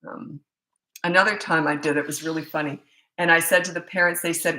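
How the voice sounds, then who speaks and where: Bright-voiced chatty woman coach. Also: on the low side, fairly quick, low-quality recording. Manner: chatty, storytelling, laughs often. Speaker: parenting coach. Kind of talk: live Q&A chat from home on webcam. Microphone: laptop webcam.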